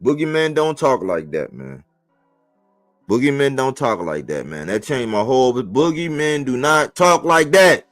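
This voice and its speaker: A man giving a casual, slangy boxing commentary monologue for a live stream, animated and rhetorical, repeating his points. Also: mid-range voice, unhurried, soft background music. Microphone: live-stream mic.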